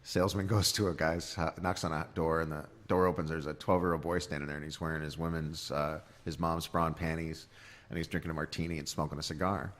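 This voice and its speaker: A man's voice: rumbling low, little pitch movement, fast, fairly bright tone. A man guest comedian in a casual podcast chat, telling crude jokes in a loose, chuckling way.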